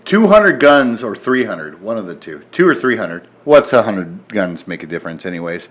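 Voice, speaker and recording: A tipsy man co-hosting a podcast in casual chat, joking loudly, laughing and swearing a lot. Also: fairly low pitch, sing-song, normal speed. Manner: loud, profane, joking, laughs often. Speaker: podcast co-host.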